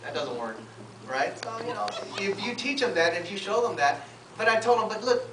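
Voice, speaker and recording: A man giving an animated sales training talk, joking and acting out his talks with clients. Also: high-pitched, moderate pace. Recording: echoey room, distant mic, noisy.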